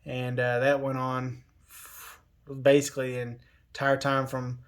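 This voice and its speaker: A man tells a personal story casually, in an unhurried way. He drifts through fillers and restarts and quotes the people around him. His voice sits at an ordinary middle pitch. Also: completely flat delivery. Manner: unhurried, lots of fillers and restarts, quoting others. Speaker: covid survivor telling his story.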